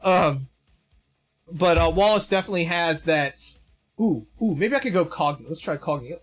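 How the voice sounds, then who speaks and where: High-voiced rambling male game master. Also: animated, normal speed, soft background music. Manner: rambling, filler-heavy, self-deprecating. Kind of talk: narrating a tabletop game.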